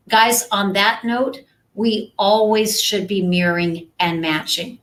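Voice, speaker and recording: A woman's voice: medium pitch, slow, a bit bright, rough recording. A woman giving a conversational live-stream coaching talk as a sales trainer, often checking in with her viewers. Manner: conversational, checks in with "right?" and "okay?".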